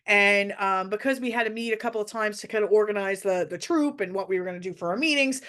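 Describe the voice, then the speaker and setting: A woman's voice: mid-range voice, fast, hardly any pauses, a bit bright. A mother telling a personal parenting story in a casual, candid way, often restarting her phrases. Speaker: mother sharing parenting advice.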